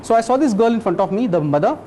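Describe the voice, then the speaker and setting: A man giving a medical lecture as a physician, telling a case story in a lively, blunt way and quizzing his audience. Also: sits high, fast talker, a little hiss or hum.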